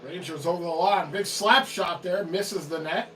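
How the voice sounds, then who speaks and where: A high-pitched man calls a hockey game play by play on a livestream, with quick excited calls and loose, swearing banter. He sits well back from the microphone. Faint background noise sits under his voice. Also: far from the mic, low-quality recording. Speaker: livestream co-host calling the game. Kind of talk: casual play-by-play commentary.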